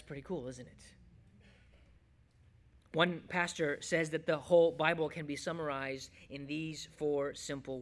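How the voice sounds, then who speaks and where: A male pastor delivers a sermon to his church in a high, bright voice. He swings from loud, emphatic stretches down to near-whispered quiet on the lines he wants to land. The delivery is a preacher's, building and releasing as he goes. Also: lively intonation, a little slow.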